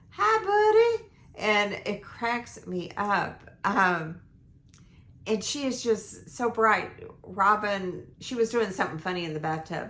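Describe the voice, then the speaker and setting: An older woman, hoarse from losing her voice, rambling through a casual life update with lots of ums and restarts. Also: medium pitch, sharp tone. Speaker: vlogger. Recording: echoey room.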